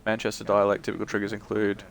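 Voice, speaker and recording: A male streamer chatting casually while he plays, rambling and restarting, his voice croaky and tired. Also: fairly low pitch, monotone, fast. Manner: rambling, many restarts and fillers. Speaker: game streamer. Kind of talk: casual chat while gaming.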